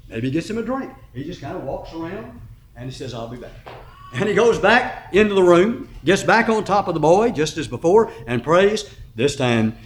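A man's voice: fairly high pitch, roomy sound. A man preaching, retelling a story dramatically with emphatic rises in his voice. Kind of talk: sermon storytelling.

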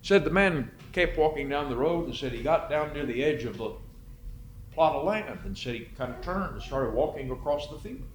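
A man's voice: a little high, animated, normal speed, slight background noise. Dramatic preacher man telling a story. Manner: dramatic storyteller, swings between loud and hushed. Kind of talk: sermon with storytelling.

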